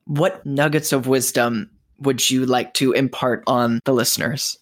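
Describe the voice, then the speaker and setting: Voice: mid-range voice, fairly even intonation, unhurried. A podcast host interviewing a guest, effusive and encouraging.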